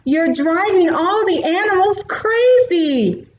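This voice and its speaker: A woman's voice: very high voice, animated, takes it slowly, slight background noise, pitched above the performer's own voice, heavily acted. A woman voicing a small, cheeky male warthog who talks snappily and rudely, in a storybook reading. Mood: irritated. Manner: snappy, rude. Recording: roomy, dull recording.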